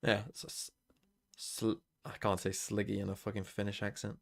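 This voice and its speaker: A man hosting a watch party stream, chatting casually and swearing as he reacts out loud. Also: lowish voice, completely flat delivery, moderate pace, vocal fry. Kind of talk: casual co-stream chat over a broadcast.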